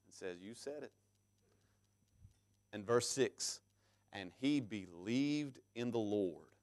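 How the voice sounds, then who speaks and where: A man preaching a sermon in church, reading scripture aloud and swinging between loud emphatic peaks and sudden hushed drops. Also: on the high side. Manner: reads scripture aloud in King James English. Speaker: pastor.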